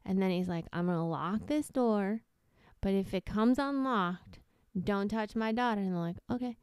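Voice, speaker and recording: Podcast co-host, female, rambling storyteller with a smooth voice, dry close sound. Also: mid-range voice, moderate pace, no room sound. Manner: rambling storyteller, acts out characters loudly. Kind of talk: casual chat, telling a long joke.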